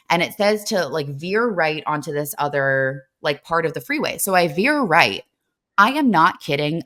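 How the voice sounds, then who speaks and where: A young woman co-hosting a podcast, telling a story in a casual, animated way with lots of fillers. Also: lowish voice. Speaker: podcast co-host.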